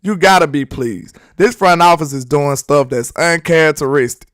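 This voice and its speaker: A man's voice: a little high, moderate pace, fairly bright tone, clean tone, no echo, clean studio sound. A young man from Alabama with a Southern US accent, hosting live sports talk in a loose, joking, slangy way while reading viewer chat.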